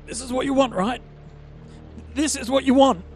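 A man voicing a panicked middle-aged male executive who swears and begs for mercy in a frantic, high-pitched shout. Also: normal speed, faint music behind.

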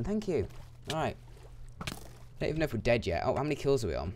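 A young man giving casual, excitable gameplay commentary that swings into loud, frustrated yelps. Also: medium pitch, fast, a little hiss or hum. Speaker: gaming YouTuber.

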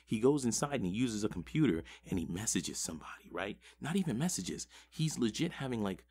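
A man's voice: on the low side, very animated, fairly quick, a little mellow, a little hiss or hum. A man giving a casual, rambling episode recap of a TV show, swearing constantly. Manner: profane, rambling. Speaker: TV show reviewer.

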